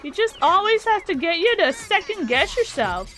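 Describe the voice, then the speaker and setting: A young woman doing let's play commentary with a very high, lively voice. She reacts with excited, giggly exclamations, with faint game music underneath. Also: normal speed. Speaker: gaming channel host.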